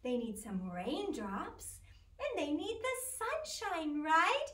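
High, sing-song music teacher. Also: female voice, slow, reverberant. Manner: animated, sing-song, playful animal sounds. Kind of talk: sing-along music class for young children.

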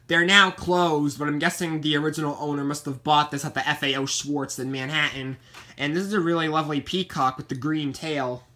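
A man with a bright, forward voice talks loosely through his stuffed toy collection. He rambles and circles back to the same points. The delivery is an unscripted show-and-tell vlog. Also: on the high side. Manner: chatty, meandering, repeats himself. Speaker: vlogger showing his plush collection.

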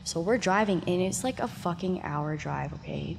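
A woman from Canada in her thirties, swearing freely, recounts her past in loose, casual talk and keeps slipping into the voices of people from the story. Her voice sits fairly low, and it rings in a room with a long echo and a faint hiss behind it. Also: normal speed, vocal fry, a little mellow. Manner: swears a lot, laughs often, acts out voices in her story. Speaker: guest. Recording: echoey room with long reverb and faint noise.

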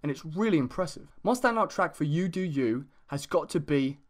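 A man hosting a casual music review, talking in a put-on English accent, excitable and full of swearing. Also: a little high, moderate pace. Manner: excitable and sweary, lots of fillers.

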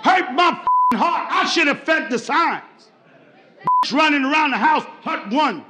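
A male stand-up comedian on a club stage, loud and swearing, acting out both sides of arguments. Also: very high-pitched, expressive, measured pace. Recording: live club recording with crowd noise.

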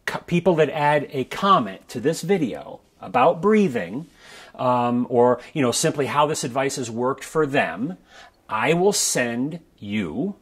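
A man teaching a breath-control exercise for brass players in a relaxed, conversational way, often checking in with the listener. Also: mid-range voice, a little slow, husky. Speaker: trombone coach. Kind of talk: instructional video talk. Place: his studio.

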